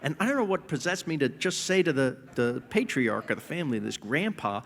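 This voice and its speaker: On stage before an audience at a live talk event, a male guest tells funny anecdotes, laughing often and playfully mocking himself. His medium-pitched voice is brisk and creaky, with big pitch swings.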